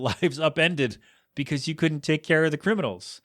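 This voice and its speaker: A man hosting a podcast, giving a casual movie review in an animated way, full of rhetorical questions and exasperated asides. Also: fairly high pitch, moderate pace, dry recording, clean studio sound. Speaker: podcast host.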